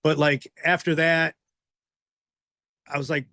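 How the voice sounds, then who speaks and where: A man's voice: fairly high pitch, level tone, slow pace, creaky, sharp tone, dry recording, clean studio sound. A man, a former wrestler and podcast guest, telling rambling, profane stories in casual chat. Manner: profane, rambling, acts out quoted voices. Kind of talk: casual storytelling.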